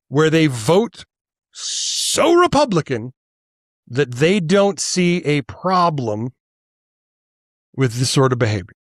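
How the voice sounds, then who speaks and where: A man hosting a political podcast alone, ranting angrily with swearing and frequent halting restarts. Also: on the high side, no echo, studio quality. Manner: angry, profane, halting with repeated restarts. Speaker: podcast host. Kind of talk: solo political rant.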